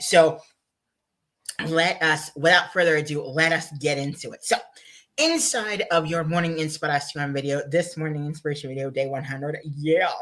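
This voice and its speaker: A man hosting a motivational vlog, talking in an excited, playful and chatty way, a little giddy and emotional. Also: on the high side. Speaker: motivational video host. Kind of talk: upbeat motivational vlog talk.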